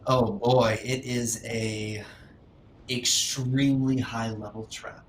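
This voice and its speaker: A man's voice: mid-range voice, flat delivery, slow, roomy sound, a little hiss or hum, low-quality recording. Man narrating as game master. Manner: descriptive, with sound effects and hesitations.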